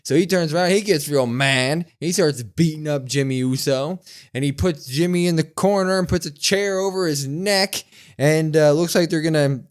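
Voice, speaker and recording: Animated man recapping wrestling. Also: fairly high pitch. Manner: animated retelling, slows to mimic quoted speakers. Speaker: podcast co-host. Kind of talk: casual recap chat.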